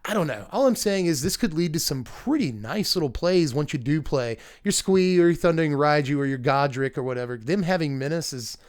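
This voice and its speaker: A man's voice: a little high, animated, a little fast, hardly any pauses. Chatty laughing man reviewing cards. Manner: chatty, laughs often, lots of fillers and asides. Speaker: card game video host. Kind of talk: casual card review commentary.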